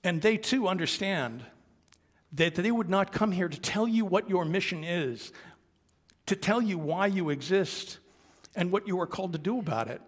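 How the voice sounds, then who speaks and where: A man's voice: high voice, expressive, normal speed. A man giving a sermon as a minister, speaking earnestly and conversationally with small asides. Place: sanctuary of a congregation. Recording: long reverb of a worship hall.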